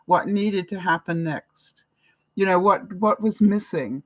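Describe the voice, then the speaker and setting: A woman's voice: on the low side, unhurried, no echo, low-quality recording. An older woman from Canada chatting to her viewers in a casual vlog, telling stories with frequent laughs. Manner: chatty, anecdotal, laughs often, lively swings in loudness. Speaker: vlogger. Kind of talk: casual talk to camera.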